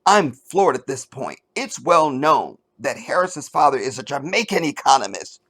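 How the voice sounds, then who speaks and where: A middle-aged man hosting a commentary show, reading an article aloud and mocking it with sarcasm, jumping between loud outbursts and low mutters. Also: big pitch swings, moderate pace. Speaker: commentary channel host.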